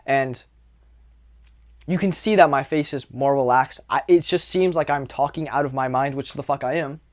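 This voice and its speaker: A man's voice: a little high, moderate pace, a little mellow. A young man giving a casual coaching talk to camera, loose and conversational, with lots of fillers and repetition, swearing now and then. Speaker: dating coach.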